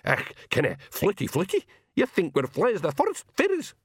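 Rowdy little blue pixie warriors with a thick burr. They sound squeaky, gruff and sneering, as if they're shouting from a step away. It's an audiobook reading. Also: male voice, wildly swooping pitch, measured pace, no echo, clean studio sound, full character voice.

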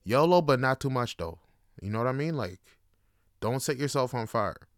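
A man's voice: mid-range voice, expressive, moderate pace, no room sound, clean studio sound. Laid-back slangy young man. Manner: laid-back, slangy, swears, many fillers. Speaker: podcast host. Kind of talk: casual solo monologue.

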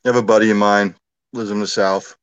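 A man with a low voice tells a personal story in a loose, chatty way, full of asides and fillers. His voice is dry and close, with a dull, lo-fi sound. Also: little pitch movement, a little fast, clear, resonant tone, no echo. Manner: conversational, many fillers and asides. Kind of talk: casual storytelling.

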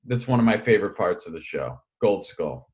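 A man's voice: sits low, sing-song, brisk, a little mellow. A man co-hosting a podcast in casual chat, wry and self-deprecating. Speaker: podcast co-host.

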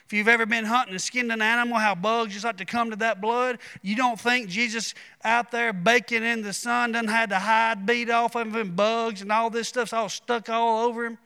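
Male pastor, bright clear voice, folksy sermon delivery in a reverberant church hall. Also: extremely high pitch, little pitch movement, moderate pace, hardly any pauses. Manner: folksy, conversational preaching with asides to the congregation.

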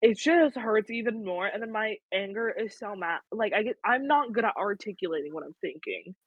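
A woman's voice: mid-range voice, animated, normal speed, dry recording. Young woman chatting candidly, dry lo-fi sound. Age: young adult. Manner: candid, swears freely, full of "like". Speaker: podcast co-host. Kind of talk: casual chat.

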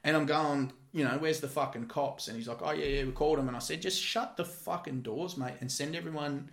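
A man's voice: fairly high pitch, fast talker. A man who used to work security, telling a story casually with lots of swearing. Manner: profane, lively anecdotes. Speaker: former security guard. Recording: roomy echo.

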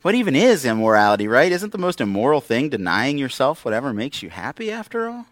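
A man's voice: mid-range voice, big pitch swings, quick pace, no room sound, studio quality. A man preaching a conversational sermon, acting out quoted voices with wry humor. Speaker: pastor. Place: church.

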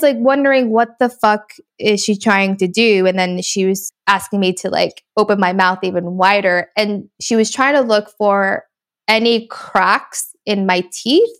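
A woman's voice: medium pitch, fairly bright tone. A young woman, chatting casually and telling a story with many fillers. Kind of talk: casual chat.

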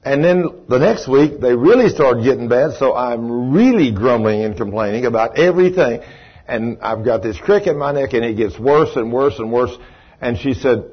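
A man's voice: medium pitch, lively intonation, normal speed, slightly rough, lo-fi sound. A man preaching a sermon to a live congregation, telling folksy stories and asking the audience questions.

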